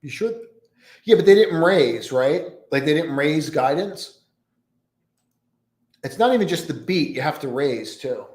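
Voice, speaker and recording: A man's voice: fairly high pitch, expressive, measured pace, long pauses, darkish tone. A man hosting a live pre-market trading stream, rambling through his thoughts and trailing off into mumbles at his desk. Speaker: trading livestream host. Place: home trading desk with many monitors. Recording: roomy echo.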